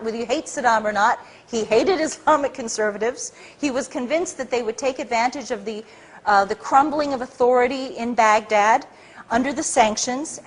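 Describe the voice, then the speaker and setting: A middle-aged woman speaking to an audience, telling a story in an animated way and acting out the people she quotes. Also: husky. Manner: acts out quoted people with big pitch jumps. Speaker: speaker at a public talk.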